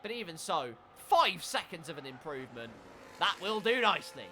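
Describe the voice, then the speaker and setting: Man, sim race caller, high voice, excitable and jokey, noisy mix with engine sound under him. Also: moderate pace. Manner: excitable, jokey, breaks into shouts. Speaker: sim racing commentator. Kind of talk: live esports race commentary.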